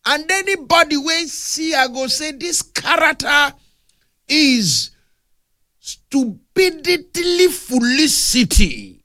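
Animated Nigerian preacher man. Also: very high voice, takes it slowly, dry recording, clean studio sound. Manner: animated, humorous storytelling with playful big words. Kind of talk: sermon in Nigerian Pidgin.

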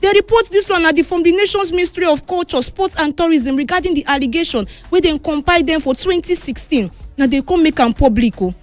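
A woman with a Nigerian Pidgin accent presenting a chatty sports news roundup, moving between excited and somber tones. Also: very high-pitched, fast, hardly any pauses, dry recording. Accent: Nigerian Pidgin English.

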